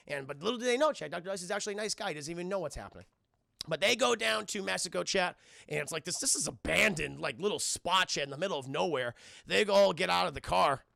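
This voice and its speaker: A man excitedly retelling a film scene by scene to his stream chat, swearing freely and briefly acting out the characters' lines. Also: fairly high pitch, gravelly, no room sound, clean studio sound. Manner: excitable, swears, acts out lines in quick voices. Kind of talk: casual scene-by-scene recap.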